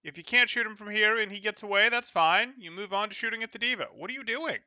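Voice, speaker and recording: A man's voice: high voice, fast, pushed and bright, no room sound. A young man coaching over a gameplay review, critiquing in an exasperated, incredulous way. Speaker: game coach.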